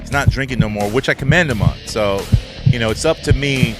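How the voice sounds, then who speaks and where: A man's voice: medium pitch, fairly quick, loud music behind the voice. A man hosting a podcast in a casual, crude and joking way. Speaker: podcast host. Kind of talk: casual chat.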